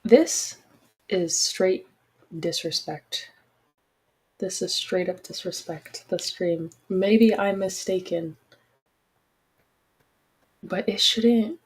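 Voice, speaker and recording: A woman's voice: lowish voice, fairly even intonation, very slow, pauses often, breathy edge, low-quality recording. A woman hosting a casual livestream, talking frankly and chattily with apologetic asides to her listeners. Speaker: podcast host.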